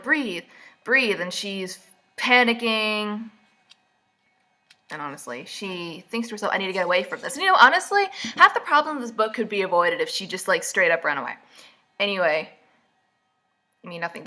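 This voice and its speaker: A woman's voice: mid-range voice, lively intonation, brisk, sharp tone. A woman vlogging casual book commentary, sarcastic and mocking, full of "like"s, just woken up. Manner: sarcastic, mocking, chatty with many "like"s.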